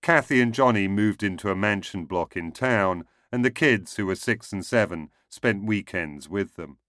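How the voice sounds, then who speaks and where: A man's voice: on the low side, moderate pace, a bit bright, no echo. A man reading a first-person short story aloud in a dry, wry manner. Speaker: narrator.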